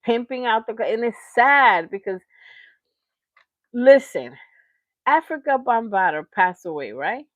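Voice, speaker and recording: A woman's voice: fairly high pitch, very animated, unhurried, long pauses, no room sound, muffled recording. Heated, slangy woman ranting on stream. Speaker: reaction show host. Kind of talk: livestream commentary rant.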